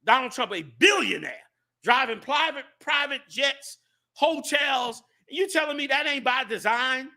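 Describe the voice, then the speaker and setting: A man hosting a show and talking in a fiery, preachy way, swinging from loud, shouted points to low asides. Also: lively intonation, measured pace. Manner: preachy and impassioned, rising to shouts, then dropping low. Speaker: show host and group leader. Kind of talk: fiery casual talk.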